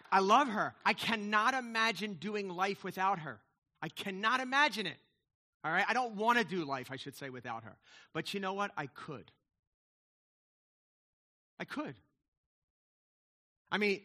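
A man's voice: high-pitched, sharp tone. A man in his fifties, a pastor giving a chatty, digressive sermon with frequent asides to the congregation. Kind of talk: conversational sermon.

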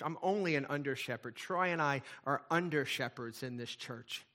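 Bright-voiced preaching pastor. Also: male voice, mid-range voice, normal speed. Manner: emphatic preaching with repetition and rhetorical questions. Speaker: lead pastor. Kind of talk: sermon. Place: church.

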